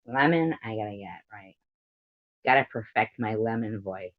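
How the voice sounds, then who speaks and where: American woman, livestream host, rambling chatty delivery, muffled low-fi audio. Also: lively intonation, normal speed, no echo. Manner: rambling, giggly, reads out viewer comments. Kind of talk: casual livestream chat. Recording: dull lo-fi stream audio.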